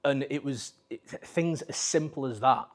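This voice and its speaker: A man's voice: medium pitch, unhurried. A man coaching at a live talk, speaking bluntly and swearing freely while he acts out conversations. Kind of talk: live presentation to an audience. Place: talk venue with a screen.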